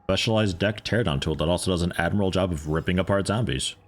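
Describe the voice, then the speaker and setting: Deep-voiced man joking through a game stream. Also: fast talker. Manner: rambling, joking asides to chat. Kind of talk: casual gameplay commentary.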